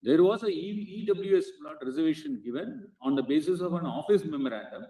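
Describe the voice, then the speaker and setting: A man with an Indian English accent, an advocate making a formal courtroom argument and calling the judges "Lord" in almost every phrase, with halting restarts. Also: on the high side, animated, warm tone. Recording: echoey courtroom, speaker far from the mic.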